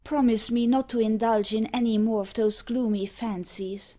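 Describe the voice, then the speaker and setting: A woman's voice: fairly high pitch, steady tone, moderate pace, close to an everyday voice. Playful young woman in love, read by a lady, dull-ish audio.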